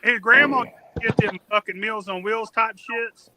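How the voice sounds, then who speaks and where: A man's voice: high voice, unhurried, a loud crowd, rough recording. A man telling a long, rambling, profane story on a casual podcast.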